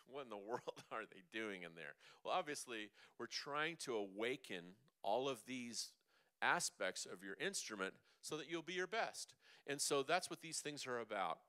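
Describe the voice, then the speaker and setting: Bright, clear-voiced male vocal coach. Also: mid-range voice, animated, moderate pace. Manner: upbeat, coaxing, demonstrating hums and breaths. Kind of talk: leading a group vocal workshop. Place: church hall.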